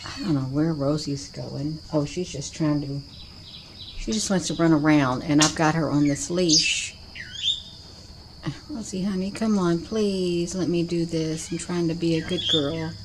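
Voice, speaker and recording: A low-pitched woman speaks at a moderate pace with fairly even intonation, coaxing everyone as honey while casually commenting on the sky she's filming. She stands outside her house with birds around, and the camera mic records loud noise and birdsong.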